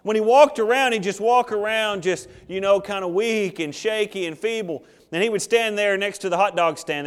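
Animated high-voiced preacher in a hall. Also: male voice. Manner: animated, jokey storytelling with acted asides. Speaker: pastor. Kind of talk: sermon.

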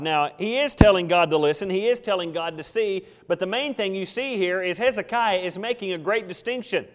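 A man's voice: sits high, animated, fairly quick, hardly any pauses. A male pastor preaching an expository sermon in a conversational way, sometimes acting out the prayers he quotes. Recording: long reverb of a large hall.

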